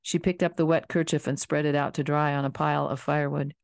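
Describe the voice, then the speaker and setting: A woman narrating a children's novel in a calm, steady storybook reading. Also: sits low, quick pace, creaky, no room sound. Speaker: audiobook reader.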